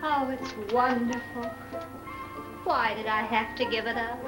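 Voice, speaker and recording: A woman's voice: on the high side, steady tone, measured pace, music in the background, close to an everyday voice, rough recording. An actress playing a dithery middle-aged woman who dreams aloud about a honeymoon, in 1940s film comedy style. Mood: wistful. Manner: fluttery, wistful, talking to an unseen husband.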